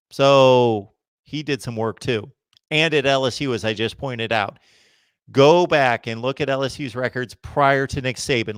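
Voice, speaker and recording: A man hosts a casual live sports chat, answering viewer comments one after another. He speaks at a middle pitch in an emphatic, opinionated way. The sound is dry and close, with almost no room echo. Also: fairly bright tone, clear, resonant tone. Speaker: host of a college football livestream.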